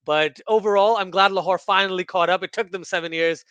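A male podcast guest talks casually with dry, sarcastic humor. His voice is high for a man and bright. The recording is dry and close, with no echo. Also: fairly quick, smooth, dull audio. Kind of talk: casual cricket podcast chat.

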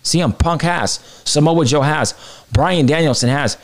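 Heated, profane man ranting on a podcast. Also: a little slow. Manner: profane, heated, swings between low and high pitch. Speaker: podcast host. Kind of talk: opinionated wrestling podcast rant.

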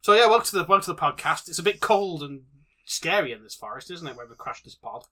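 A man hosting an improvised comedy podcast, playful and jokey with bursts of loud excitement. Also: fairly high pitch, quick pace. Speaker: podcast host.

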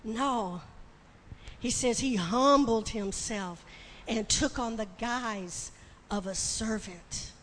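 A woman preaching a sermon with passion, building to shouting and tearful cries. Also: on the high side, slow pace, a little hiss or hum. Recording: long hall reverb, faint ambience.

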